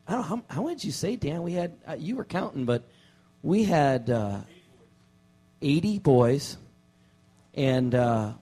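Joking, relaxed man preaching a sermon. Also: mid-range voice. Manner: relaxed and joking, with frequent fillers and restarts. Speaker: pastor. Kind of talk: casual sermon. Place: church sanctuary.

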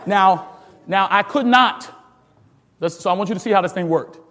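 A high-pitched male pastor leads a teaching sermon, calling out to the congregation for answers and amens. His voice rings with a long church-hall reverb as he laughs and climbs into sudden emphatic peaks. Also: normal speed, a faint crowd. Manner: animated, call-and-response preaching with laughter and sudden emphatic rises.

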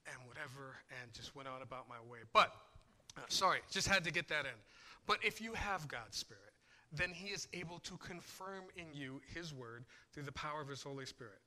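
A pastor giving a conversational sermon, telling personal stories and swinging between loud and soft. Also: male voice, on the high side, lively intonation, normal speed.

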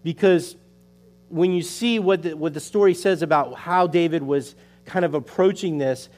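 Man, pastor type, conversational sermon, slightly high voice, lots of "you know.". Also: moderate pace, soft background music. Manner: storytelling, animated with conversational fillers.

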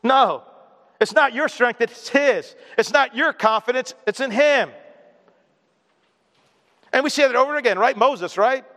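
A male pastor preaching a lively sermon, acting out quoted voices and leading the congregation in responses. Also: very high-pitched, a little slow, long pauses. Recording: long hall reverb.

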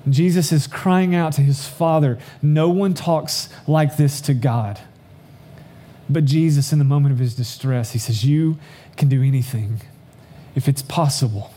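A man preaching a sermon, reading scripture aloud and explaining it earnestly, slowing down for emphasis. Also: fairly high pitch, mellow. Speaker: pastor.

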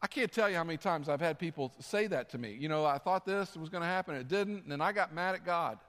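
A male pastor with a notably high voice preaches in a big hall with long reverb. He tells his stories animatedly, slipping into acted-out quotes. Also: quick pace, a bit bright. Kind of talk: sermon.

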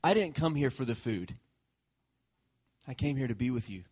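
A male preacher speaking as a gentle, patient teacher reassuring a worried host. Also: medium pitch, animated, moderate pace, husky.

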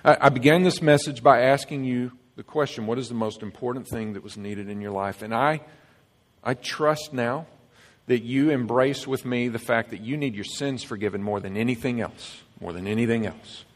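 Male pastor, mid-pitched, earnest sermon delivery, emphatic and hushed by turns, big reverberant hall. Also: normal speed. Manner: earnest, emphatic preaching with swings between loud and hushed. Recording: long reverb of a large hall.

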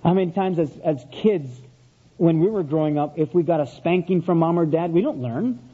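A man's voice: fairly high pitch, moderate pace, breathy edge. A middle-aged man preaching a sermon in a conversational, storytelling way, repeating his key phrases. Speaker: pastor. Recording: dull lo-fi recording.

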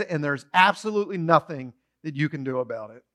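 A man preaching a sermon, retelling a story with animated storytelling and short acted-out quotes. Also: on the high side, a little fast, hardly any pauses.

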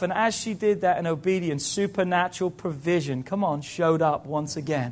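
Male pastor, high-pitched voice, preaching sermon, calls out to the congregation. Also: fairly even intonation, moderate pace, hardly any pauses. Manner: preaching with call-outs to the congregation; tells stories and voices the people in them.

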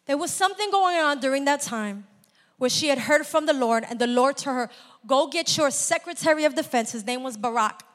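A woman preaches a sermon with a high voice that carries through a large hall, and the room answers her with a long reverb. She calls out for amens and climbs into loud, shouted exhortation. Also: animated, brisk. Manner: call-and-response, rising to shouts.

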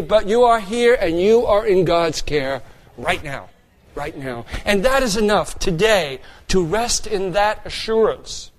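A man preaching a sermon as a pastor, earnest, moving between raised passages and quiet, hushed ones. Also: high-pitched, expressive, measured pace.

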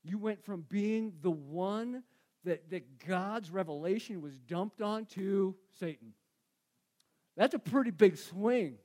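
A male pastor preaching a sermon, acting out Bible figures and swinging from loud to hushed. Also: high voice, takes it slowly.

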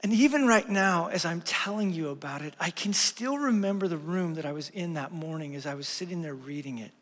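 A middle-aged male pastor delivers an earnest sermon in a rather high voice, alternating between loud, lively passages and quiet, hushed ones. He speaks a little fast, and the sanctuary gives his voice a long, ringing reverb.

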